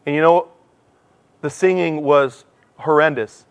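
A middle-aged man giving a sermon in a church, animated and self-deprecating, telling stories and acting out dialogue. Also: on the high side, measured pace, clear, resonant tone. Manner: animated, acts out dialogue in changing voices. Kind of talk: sermon with storytelling.

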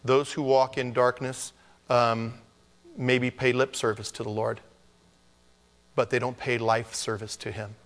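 A male pastor preaches in a loose, conversational style, joking and slipping into high mock voices to mimic people. His voice sits at a middle pitch. A long hall reverb trails behind every phrase. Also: little pitch movement, a little slow, pauses often. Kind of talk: conversational sermon.

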